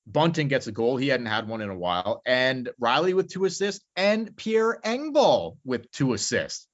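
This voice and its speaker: A man's voice: mid-range voice, sing-song, normal speed. A man co-hosting a hockey podcast in loose, rambling casual chat, swearing freely. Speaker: podcast co-host. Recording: slightly dull lo-fi audio.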